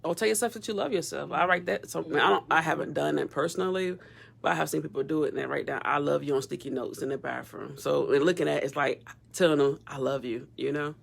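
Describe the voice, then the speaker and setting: A man with a somewhat high, gravelly voice offers reflective advice in a relaxed group conversation. He often checks in with his listeners, ending his points with "right?" The gravel in his tone stays steady throughout. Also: fast. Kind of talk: casual chat.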